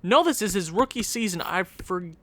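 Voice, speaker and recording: A man's voice: high-pitched, expressive, brisk, fairly bright tone, no echo. A man giving casual, rambling commentary while he plays a video game, correcting himself as he goes. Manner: rambling, chatty, self-interrupting. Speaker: gaming channel host.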